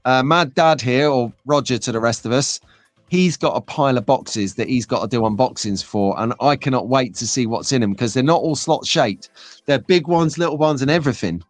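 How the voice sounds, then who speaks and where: A man's voice: medium pitch, normal speed, no room sound. A man hosting a live stream, chatting in a rambling, jokey way while reading out viewer comments. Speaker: host.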